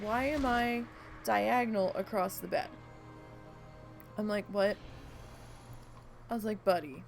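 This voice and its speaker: This is casual live-stream chatter from a woman gamer whose medium-pitched voice carries some vocal fry. She's stuffed up and losing her voice from allergies as she wanders through a story, acting out quotes and becoming especially animated when speaking as her dog.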